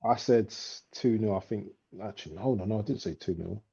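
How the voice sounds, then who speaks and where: A low, mellow-voiced man hosts a laid-back football livestream. He rambles through his thoughts with plenty of fillers, and his voice comes through dull, lo-fi stream audio. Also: a little fast, gravelly, slightly rough. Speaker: livestream host. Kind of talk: casual football chat.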